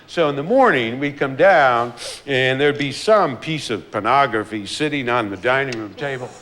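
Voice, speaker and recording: An older man tells family stories with a lively, swooping voice, breaking into laughter as he goes. He slips into the voices of the people he quotes, and the talk stays loose and candid. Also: medium pitch, normal speed. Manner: animated anecdotes, laughing often, acting out quotes. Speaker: artist recalling his life. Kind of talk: candid documentary storytelling.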